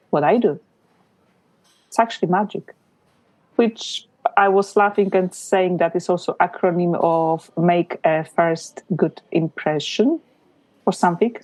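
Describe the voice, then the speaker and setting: Slow, dark-voiced woman podcast host. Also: on the low side, no echo, poor audio. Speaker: podcast co-host, business photographer. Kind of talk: casual podcast chat.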